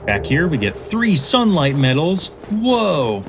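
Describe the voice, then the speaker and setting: A man's voice: medium pitch, animated, measured pace, a bit bright. Casting: laid-back male gamer explaining a game with dry humor; noticeable noise behind him. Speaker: host, let's play commentator. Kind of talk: casual gameplay commentary.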